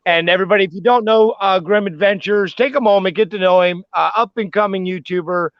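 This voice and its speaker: A man guesting on a live stream, rambling through a shout-out with lots of fillers. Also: high voice, quick pace, dry recording. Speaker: stream guest, fellow YouTuber. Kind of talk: casual live-stream chat. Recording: muffled web-call audio.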